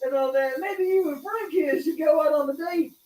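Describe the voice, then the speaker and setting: A man putting on the voice of a hammy fake Texan tycoon, shrill and overblown, in an echoey room. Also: normal speed, a little mellow. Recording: echoey room, mic far off.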